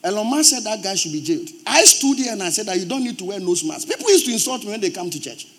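High-voiced Ghanaian pastor preaching emphatically. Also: male voice, big pitch swings, fast talker. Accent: Ghanaian English. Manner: forceful, emphatic preaching that swells to loud outbursts. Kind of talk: sermon. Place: church.

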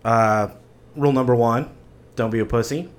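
A man co-hosting a podcast, dropping deadpan jokes in casual chat. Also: medium pitch, normal speed. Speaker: podcast co-host.

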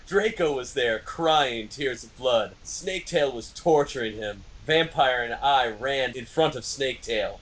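A man's voice: fairly high pitch, a bit bright, a little hiss or hum, rough recording. A man co-hosting a comedy podcast, reading a silly story aloud and often breaking into laughter. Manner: reads with bursts of laughter. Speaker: podcast co-host.

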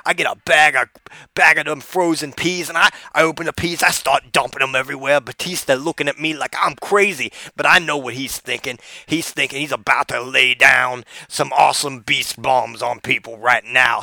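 A man doing a comic impression of a brash, boastful male wrestling personality who drawls through tall tales and shouts taunts. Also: a little high, creaky, no room sound, clean studio sound, heavily acted.

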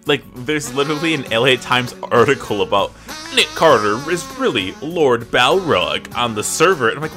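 A man hosting a casual gaming podcast, telling stories in a lively way and swearing freely. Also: mid-range voice, normal speed, soft background music. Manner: animated storytelling, swears freely. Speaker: podcast host and guild recruiter.

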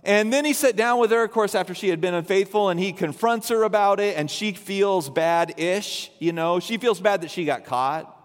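A man's voice: high voice, moderate pace, hardly any pauses, long reverb tail. A man preaching a sermon, telling a story and acting out the people in it in quoted voices. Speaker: pastor.

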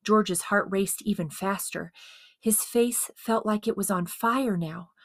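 A woman narrating a dramatized biography as an audiobook, with expressive storytelling. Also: mid-range voice, slow pace, no room sound, clean studio sound.

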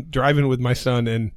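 A man's voice: mid-range voice, clear, resonant tone, no echo. Crude joking man, dry close mic. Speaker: podcast co-host. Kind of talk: casual chat.

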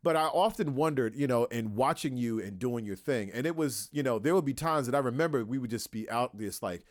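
A man's voice: mid-range voice, expressive, brisk, no echo, studio quality. A middle-aged man hosting a podcast interview, rambling and acting out little scenes as he talks. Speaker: podcast host. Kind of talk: casual interview chat.

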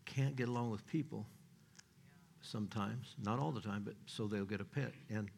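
An older man preaching in a rambling, folksy manner, breaking into chuckles and trailing off into restarts. His voice sits fairly low. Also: moderate pace, gravelly, a little mellow, slight background noise. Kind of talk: sermon.

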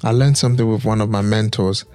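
Male podcast host, lowish voice, reflective and affirming. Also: fairly even intonation, fast talker, a little mellow, faint music behind. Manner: affirming, reflective, with frequent "you know". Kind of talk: casual podcast chat.

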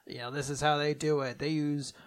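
A man co-hosting a casual manga discussion, retelling chapters loosely with profanity and quick character voices. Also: on the high side, level tone, clean tone. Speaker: podcast co-host. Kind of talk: casual manga recap chat.

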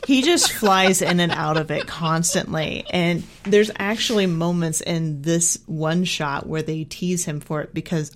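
A woman co-hosting a podcast, chatting in a relaxed, conversational and amused way. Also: fairly low pitch, measured pace, hardly any pauses, noisy background. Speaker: podcast co-host. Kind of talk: casual chat.

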